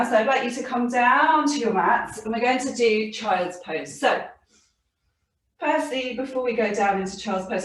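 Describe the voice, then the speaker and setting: Echoey woman gently guiding kids' yoga. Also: on the high side, far from the mic, a little hiss or hum. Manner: gentle, encouraging, laughs often. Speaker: children's yoga teacher. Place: home room with her dog and cat. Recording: very echoey room, voice from off-mic.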